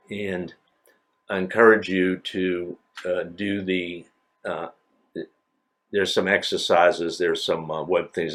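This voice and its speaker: Deep-voiced older male lecturer, rambling. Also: a bit bright. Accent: slight New England. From New England. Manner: rambling, many fillers and restarts. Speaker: university lecturer. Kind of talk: recorded classroom lecture.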